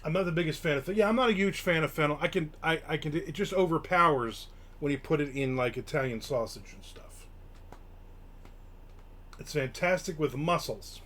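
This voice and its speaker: A middle-aged man hosting a live stream, rambling casually with lots of fillers and sudden bursts of excitement. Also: on the high side, normal speed. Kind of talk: casual chat, reading and answering chat.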